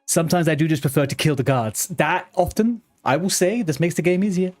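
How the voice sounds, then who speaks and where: A man's voice: a little high, fairly quick, soft background music. A man streaming a game live, talking to himself and his viewers as he plays, with frequent swearing. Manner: mutters to himself, swears when frustrated. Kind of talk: live gameplay commentary.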